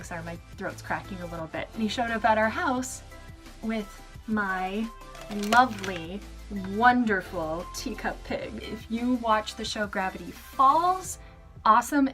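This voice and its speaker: A woman's voice: mid-range voice, a bit bright. Bubbly young woman gushing over favorites. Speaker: vlogger. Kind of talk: casual favorites vlog.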